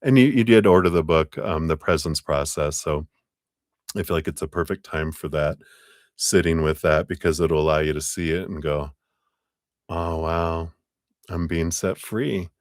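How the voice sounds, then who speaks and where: Reading tarot cards live for a client, this man has a very low voice and a moderate pace. His delivery is gentle, casual, and meandering, packed with fillers, captured in a dry sound without room echo.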